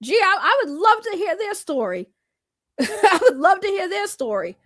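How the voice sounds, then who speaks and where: A woman's voice: extremely high pitch, sing-song, moderate pace, no room sound, studio quality. A woman streamer talking in a blunt, profane way and mocking others' words in heated casual talk.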